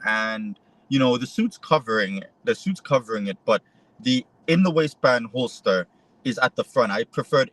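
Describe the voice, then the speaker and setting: Man, interview guest, casual storytelling, animated, quotes both sides of a conversation, middle pitch. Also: dry recording, rough recording. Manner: animated retelling, voices quoted exchanges. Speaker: photojournalist.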